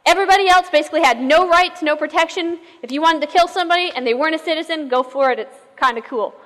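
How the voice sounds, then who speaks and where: A woman pastor telling a story in a sermon, in a lively conversational way, asking the listeners questions. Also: sits high, quick pace, big-room sound.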